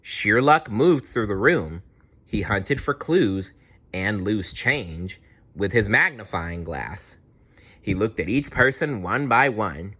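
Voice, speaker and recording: Slow, lively man reading a picture book. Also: fairly low pitch, slightly rough. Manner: slow, playful storytelling. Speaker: read-aloud narrator. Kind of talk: children's picture book read-aloud.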